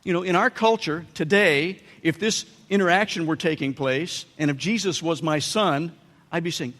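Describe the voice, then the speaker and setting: A man's voice: fairly high pitch, normal speed, a bit bright, in a large hall. A man with an American accent preaching a sermon as pastor, telling humorous stories and putting on playful voices for quotes. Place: church sanctuary.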